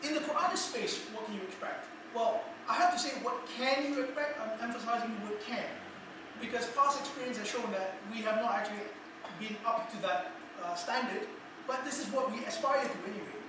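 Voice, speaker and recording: A man giving a conference lecture, measured and explanatory, posing questions to his audience. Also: high-pitched, animated. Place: conference hall. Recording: echoey hall from far off with noise.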